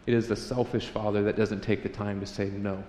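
A man's voice: lowish voice, flat delivery, fast, a little mellow, slight background noise. A man preaching a sermon to a congregation, joking and acting out prayers in a raised voice. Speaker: pastor. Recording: echoey hall, faint room ambience.

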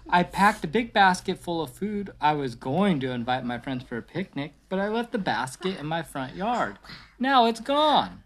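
A man's voice: on the high side, animated, moderate pace, hardly any pauses, close to an everyday voice. A man reading a storybook aloud, giving a worried female cartoon mouse a lifted voice.

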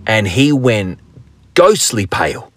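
A man's voice: lowish voice, very animated, slow, fairly bright tone, dry recording. A man hosting a podcast on his own from inside his car, telling a story in a rambling, crude, jokey way and laughing often. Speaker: podcast host. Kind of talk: casual solo storytelling.

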